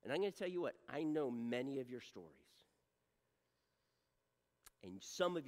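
A pastor preaching a sermon to a congregation, swinging from loud exhortation down to a hushed near-whisper and often checking in with the listeners. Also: medium pitch, big pitch swings, normal speed, long pauses, in a large hall. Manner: direct address to congregation, repeated rhetorical checks.

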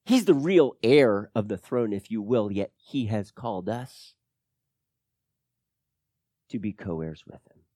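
Male pastor preaching a sermon; lively, emphatic delivery, dry close-miked sound. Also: on the low side, unhurried, long pauses, no room sound. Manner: swings from hushed to loud, emphatic preaching.

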